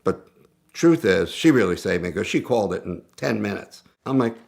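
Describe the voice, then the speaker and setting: Man with a low, gravelly voice for a casual, animated storytelling piece. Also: normal speed. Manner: animated, conversational, self-interrupting. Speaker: guest storyteller.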